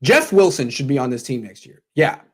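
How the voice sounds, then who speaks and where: A man's voice: medium pitch, very animated, a little fast, slightly rough. A young man hosting a postgame live stream, joking sarcastically and answering donations, his voice cracking when he gets worked up. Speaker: sports show host.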